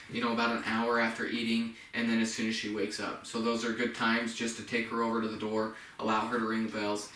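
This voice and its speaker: A man working as a dog trainer talks through a house-training routine at an easy, explanatory pace. His voice is bright and forward, and he sits a little away from the mic in an echoey indoor room with faint background noise. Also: distant mic. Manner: relaxed, explanatory, bursts of high-pitched praise to the dog. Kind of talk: casual training demonstration. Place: indoors at a home.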